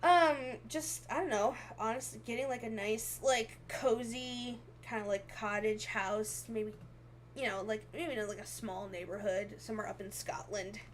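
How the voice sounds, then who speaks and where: A young woman streams as a VTuber, reading comments aloud in casual chat and giggling a lot. Her voice is medium-pitched at a moderate pace, with a faint hiss or hum in the recording.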